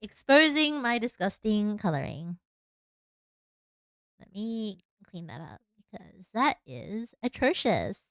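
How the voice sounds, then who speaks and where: A woman's voice: medium pitch, very animated, slow, no room sound, clean studio sound. Chatty Australian young woman streamer. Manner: chatty, self-mocking, giggly asides. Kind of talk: casual chat while drawing.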